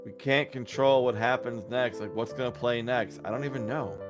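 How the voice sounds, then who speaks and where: A man's voice: mid-range voice, steady tone, normal speed. A man co-hosting a livestream, chatting casually, swearing and joking while talking over his co-host. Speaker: stream co-host. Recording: music playing behind the voice.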